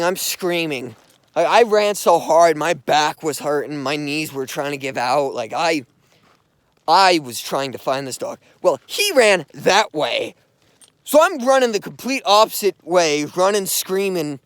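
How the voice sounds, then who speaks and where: A man's voice: a little high, a bit bright, clean tone, no echo. A young man telling a story in a casual, rambling way while walking a dog outdoors, with many "like"s. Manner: earnest, rambling, heavy use of "like". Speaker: vlogger. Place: outdoors, walking along streets.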